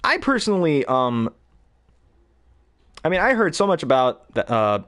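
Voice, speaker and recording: A man's voice: fairly high pitch, big pitch swings, measured pace, fairly bright tone. A young man chatting casually about voice acting, rambling with lots of fillers and laughs. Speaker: hobby voice actor. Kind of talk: casual chat.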